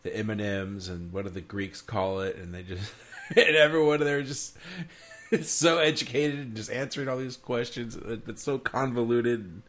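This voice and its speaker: A man's voice: medium pitch, normal speed. A man co-hosting a podcast, chatting casually and laughing often while quoting scenes. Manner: animated, laughing a lot, quoting scenes in put-on voices. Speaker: podcast co-host. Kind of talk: casual chat.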